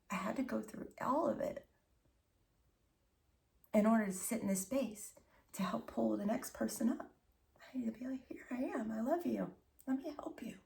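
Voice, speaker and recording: A woman's voice: medium pitch, vocal fry, far from the mic. A woman giving a channeled tarot reading, intimate and emotional, often dropping to a whisper and calling listeners honey and baby. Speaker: tarot reader.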